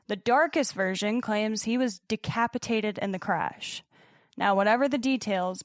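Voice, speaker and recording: A young woman co-hosting a podcast, telling a story in partly scripted narration with dramatic pauses and casual swearing. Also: medium pitch, dry recording, studio quality. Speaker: podcast co-host.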